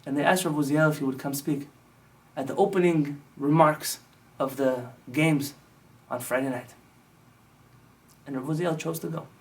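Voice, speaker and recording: A man's voice: on the high side, steady tone, normal speed, recorded from a distance. A male rabbi giving a sermon-like teaching, telling stories with impassioned, emphatic build-ups. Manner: impassioned storytelling that swells into emphatic lists.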